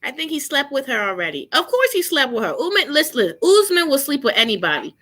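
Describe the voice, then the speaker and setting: This is a woman hosting a casual review chat, and she tells stories with animated expression and frequent laughter. Her voice sits high and bright, and its pitch swings freely from line to line. She is speaking over a video call. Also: fast talker. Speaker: host of a reality TV review show.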